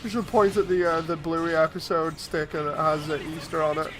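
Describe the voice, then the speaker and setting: A man's voice: fairly high pitch, fairly even intonation, normal speed, a bit bright, faint music behind. A man streaming, telling amused anecdotes in casual chat and chuckling often.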